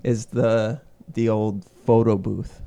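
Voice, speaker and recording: A man's voice: on the low side, little pitch movement, slow, vocal fry, warm tone. Man asking playful questions. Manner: asks short playful questions. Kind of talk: casual chat.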